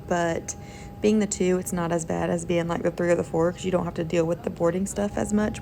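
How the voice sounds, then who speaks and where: A woman's voice: medium pitch, gravelly, mellow, a little hiss or hum. A young woman, a flight attendant, chatting casually through her travel vlog with lots of "like" fillers and an upbeat tone. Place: hotel room and crew travel.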